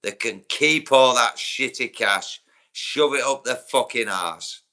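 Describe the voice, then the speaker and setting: A man's voice: medium pitch, slow pace, sharp tone. A young man with a Yorkshire accent, chatting bluntly and swearing on a livestream, answering viewers by name. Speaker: livestream host. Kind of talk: casual livestream chat.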